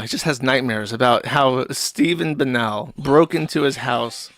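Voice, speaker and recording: A man's voice: mid-range voice, measured pace, a bit bright, no room sound. A man hosting a livestream, giving sarcastic, mocking commentary and swearing freely. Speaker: livestream host.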